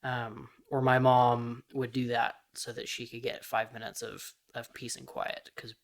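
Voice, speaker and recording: A man's voice: medium pitch, unhurried, vocal fry. A young man co-hosting a podcast, speaking hesitantly with frequent ums in casual chat. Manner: hesitant, many ums, relaxed. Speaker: podcast co-host.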